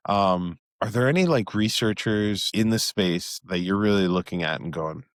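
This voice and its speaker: A man's voice: fairly low pitch, normal speed, dry recording, clean studio sound. A man hosting a podcast interview, chatting in a friendly, easygoing way. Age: adult with children. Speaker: podcast host. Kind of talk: casual interview talk.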